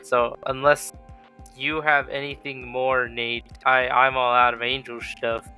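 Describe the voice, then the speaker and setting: Young male host, clear resonant voice, jokey and profane. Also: mid-range voice, flat delivery, unhurried, sharp tone, soft background music. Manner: joking, loose and profane. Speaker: podcast host. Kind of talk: casual chat.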